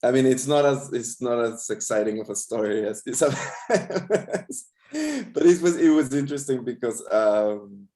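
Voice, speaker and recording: A man's voice: medium pitch, sing-song, unhurried, warm tone, roomy sound. A man filmmaker in a casual interview, telling his story in a thoughtful, hesitant way over a video call. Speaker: filmmaker guest.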